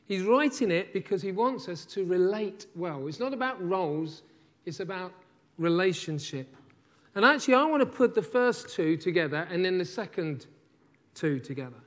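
A man's voice: high-pitched, expressive, normal speed. A man preaching a sermon in a conversational, thoughtful way, often restarting his phrases. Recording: church hall with long reverb.

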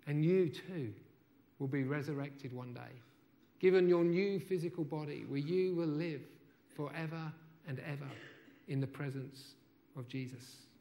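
A man preaching a sermon as a pastor in a church, rising to loud emphatic proclaiming and falling to soft, quiet questions. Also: fairly high pitch, gravelly.

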